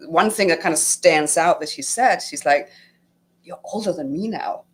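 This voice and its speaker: In a low voice at a moderate pace, a middle-aged woman casually shares a personal story about her retreat as a guest. She gets emotional, uses lots of fillers, and acts out her inner thoughts.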